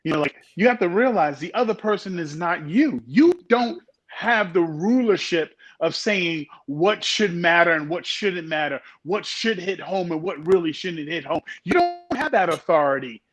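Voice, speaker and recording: High-pitched guy on a podcast, emphatic, joking around, punches his words. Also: animated, normal speed, hardly any pauses, a bit bright. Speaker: podcast co-host. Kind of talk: casual discussion.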